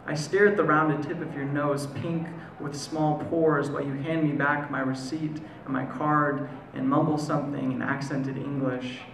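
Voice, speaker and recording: An American poet performs his spoken word poem live, his gravelly, fairly high, slightly bright voice pausing so lines can land. His delivery is measured and deliberate, with slow, lingering pauses. The venue is echoey, with a faint hum of ambience beneath him.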